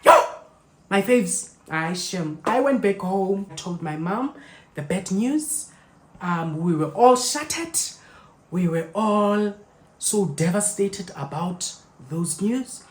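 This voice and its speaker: This South African vlogger speaks slowly in a medium-pitched voice as she cooks at home and tells her viewers a story. She's an expressive storyteller who uses local phrases and addresses the audience directly, captured in a low-quality recording with a roomy sound.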